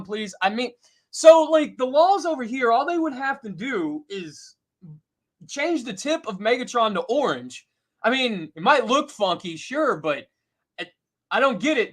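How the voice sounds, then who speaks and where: A man hosting a casual live stream, reading out viewer comments in an excitable way, laughing often and filling pauses with "uh". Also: very high-pitched. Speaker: host reading viewer chat.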